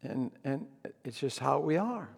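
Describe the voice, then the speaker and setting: Guy pastor giving a sermon, bit of gravel in his voice, lots of ums and restarts, church hall echo. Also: mid-range voice, sing-song, unhurried. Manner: storytelling with frequent ums and restarts.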